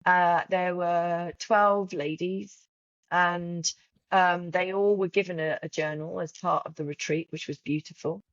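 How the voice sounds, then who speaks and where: Speaking a little slowly in a steady, lowish voice, this woman opens up emotionally as a podcast guest who creates journals. She's heartfelt in this casual interview, frequently restarting and repeating herself. The recording is dry and lo-fi.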